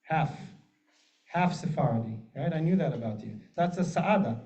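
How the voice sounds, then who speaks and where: A man, a rabbi, teaching a group in a relaxed, joking way and often checking in with the room. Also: fairly high pitch, moderate pace. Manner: chatty, jokey, asks the group often. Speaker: rabbi leading a class. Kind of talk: casual teaching with humor. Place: synagogue classroom with a group. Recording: muffled lo-fi room recording.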